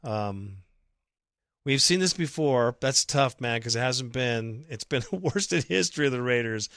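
A man's voice: mid-range voice, animated, moderate pace, a bit bright, no room sound, clean studio sound. A man hosting a fan podcast, reading listener messages and ranting about his team's loss, sarcastic and exasperated, sometimes breaking into laughter.

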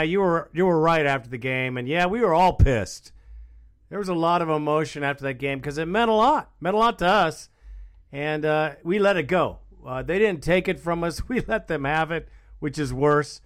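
A man's voice: fairly high pitch, smooth. A man hosting a sports call-in show, talking casually and calling people bro. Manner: laid-back, calls people bro. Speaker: host.

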